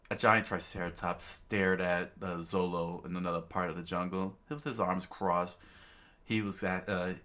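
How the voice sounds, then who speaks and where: A man's voice: low-pitched, bright, forceful tone. A man reading a manga aloud in a chatty way, with lots of fillers and laughs. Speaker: manga reader. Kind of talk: casual manga read-aloud.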